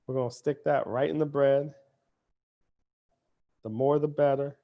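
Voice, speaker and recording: Man, cooking show host, kids cooking lesson, upbeat, chatty, mid pitch. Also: steady tone, a little slow, creaky, highs cut off.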